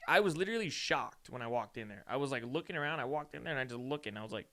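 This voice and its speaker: A man's voice: mid-range voice, lively intonation, racing, a bit bright. A young man from Austin, Texas, hosting a casual solo chat, rambling and swearing, saying "dude" often, sore and yawning. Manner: rambling and profane, peppered with "dude". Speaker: podcast host.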